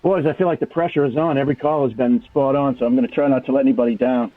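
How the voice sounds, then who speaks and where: A man's voice: medium pitch, steady tone, very fast, no echo. A man with a Boston accent, calling in to a radio show and chatting casually with a self-deprecating manner. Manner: self-deprecating, talkative, lots of restarts. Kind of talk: casual chat. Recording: phone line.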